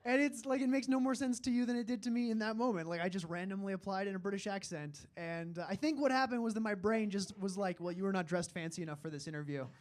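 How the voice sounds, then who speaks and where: A man's voice: high-pitched, fairly even intonation, fast talker, hardly any pauses. Self-deprecating young man doing stand-up. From Alberta, Canada. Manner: self-deprecating, rambling with frequent filler. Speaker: stand-up comedian. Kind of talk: stand-up comedy set.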